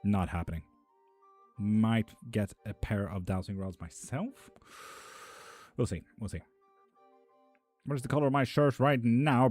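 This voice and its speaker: Male streamer, low-ish voice, relaxed profane banter with viewers, frequent laughs, soft music bed. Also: measured pace, pauses often. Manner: profane, laughs often, loose and joking. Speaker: live stream host reading chat questions. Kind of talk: casual live-stream chat. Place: indoor room with a fan running.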